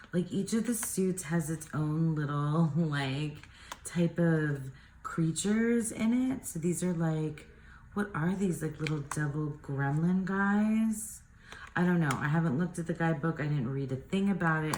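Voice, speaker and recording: A woman with a low, unhurried voice chats casually about tarot cards, filling her speech with likes and ums. She rambles and giggles along the way. The room has an audible echo and a faint hiss behind her. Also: darkish tone. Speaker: tarot youtuber. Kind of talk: casual chat showing tarot decks.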